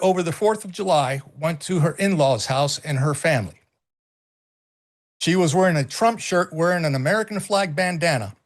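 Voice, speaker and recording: A middle-aged man with a high voice talks politics on a casual stream. He speaks emphatically, repeats himself and swears freely. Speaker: co-host.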